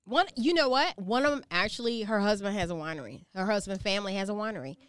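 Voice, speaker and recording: A woman's voice: mid-range voice, animated, fast, clear, resonant tone, dry recording, clean studio sound. A woman co-hosting a podcast in casual chat, playful and teasing, laughing often. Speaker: podcast co-host.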